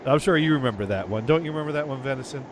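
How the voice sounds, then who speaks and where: A man's voice: mid-range voice, lively intonation, rapid-fire, noisy background. A man hosting a casual radio show, chatting about old records with a rambling manner, often repeating words and chuckling.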